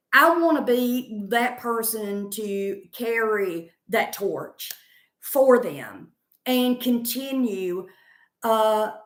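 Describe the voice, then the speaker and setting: Answering viewer comments, a stand-up comedian with a Southern accent chats in a rambling, confident, casual way. Her voice sits fairly high and the sound is roomy.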